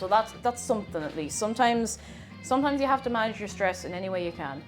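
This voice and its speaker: A woman's voice: medium pitch, lively intonation, fast talker, faint music behind. A woman streamer chatting casually with her viewers while she bakes. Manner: chatty, reading out viewer messages. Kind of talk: casual chat while baking.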